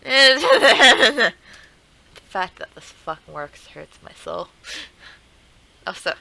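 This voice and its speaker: A young woman streamer giving casual, excitable reaction commentary, swearing and laughing as she talks to the screen. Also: high voice, slow pace, creaky, pauses often, slight background noise, poor audio.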